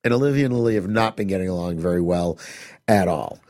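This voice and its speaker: A man's voice: low voice, fast talker, darkish tone. A middle-aged man casually telling a long family story to a co-host, with rambling asides and bursts of laughter.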